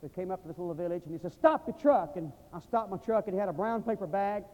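Man from the US, high voice, emphatic preaching, long hall reverb. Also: racing, dull audio. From United States. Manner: emphatic, swings from loud to hushed. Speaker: visiting missionary preacher. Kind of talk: sermon with storytelling and prayer. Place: seminary chapel.

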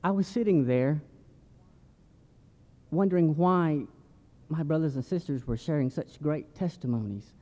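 A man telling a reflective testimony in church in a measured way. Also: fairly high pitch, dark tone. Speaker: church member giving mission testimony. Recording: muffled church hall recording.

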